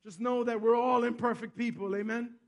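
A man preaching a sermon as pastor, telling stories and asking "Amen?", swinging between hushed and loud. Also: very high-pitched, fairly even intonation, a little fast. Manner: storytelling, repeats himself, asks the congregation "Amen?".

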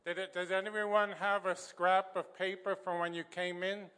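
A man's voice: high-pitched, flat delivery, normal speed, sharp tone, clear, resonant tone. A male pastor with a New York accent, giving direct instructions to the congregation before communion. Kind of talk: sermon, leading communion. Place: church sanctuary. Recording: long hall reverb in church.

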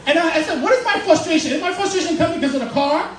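A man's voice: very high-pitched, very fast, a bit bright. A man preaching a sermon as pastor, casual and joking, often laughing as he talks. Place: church. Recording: roomy, distant mic with faint noise.

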